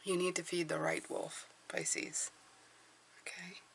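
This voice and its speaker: A woman's voice: lowish voice, level tone, takes it slowly, creaky, husky, in a whisper. A woman reading tarot cards for her viewers, talking earnestly and encouragingly, often checking in with "okay?". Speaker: tarot reader.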